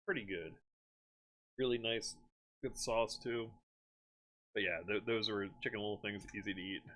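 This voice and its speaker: A man's voice: on the low side, moderate pace. A man hosting a live stream, chatting casually and rambling, laughing often. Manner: rambling, laughs often, animated when excited. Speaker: streamer host. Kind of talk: casual chat.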